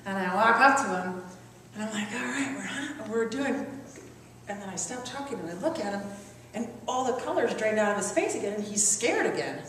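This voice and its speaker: A woman's voice: medium pitch, brisk, recorded from a distance, slight background noise. Woman telling a comic story in an echoey hall. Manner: lively, comic, self-mocking storytelling. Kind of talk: live storytelling to an audience. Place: large hall at a live evening event.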